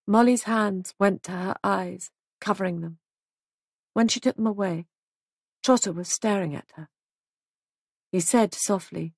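A woman narrating an audiobook in a measured, even storytelling manner. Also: mid-range voice, vocal fry, dry recording, clean studio sound. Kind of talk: scripted narration.

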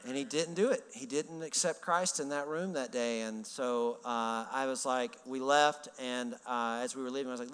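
A man's voice: fairly high pitch, moderate pace, few pauses, fairly bright tone. A male pastor telling a story in a sermon, casual and humorous, acting out the dialogue he quotes. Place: large church hall. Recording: reverberant church hall.

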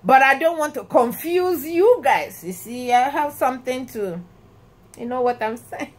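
A woman with a Nigerian accent chats straight to her viewers, her voice sitting high and bright. She tells her stories with lots of exclamations and bursts of laughter. The delivery is loose and conversational. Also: slow pace. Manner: animated, laughing, exclamatory storytelling. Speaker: vlogger. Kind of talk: casual talk to camera.

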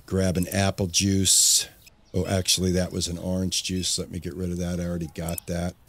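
A man's voice: deep voice, monotone, moderate pace, vocal fry, a bit bright. A man hosting a casual let's-play, narrating his gameplay as he goes and often repeating words to himself when things get busy. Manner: talks to himself, repeats words under pressure. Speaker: gaming channel host.

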